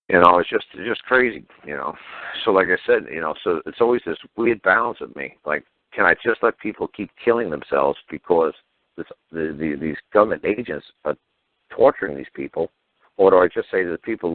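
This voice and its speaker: A man's voice: low voice, lively intonation, fairly quick, dry recording. A man on a talk show telling a story in a blunt, profane, fired-up way over the phone. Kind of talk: casual call-in radio chat. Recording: tinny phone line.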